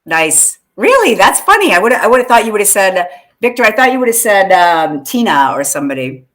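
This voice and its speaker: A woman hosts a loose, unscripted livestream at a mid-range pitch. She rambles with plenty of fillers and false starts and keeps turning to address her viewers by name. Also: animated, a little fast, fairly bright tone. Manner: chatty, rambling, many fillers and restarts; talks back to chat by name. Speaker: host. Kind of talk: casual livestream chat.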